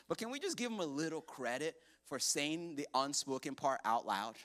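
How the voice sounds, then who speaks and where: A man preaching a sermon in a church, animated and joking as he acts out quoted voices. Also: a little high, fairly quick, few pauses. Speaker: pastor. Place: church hall.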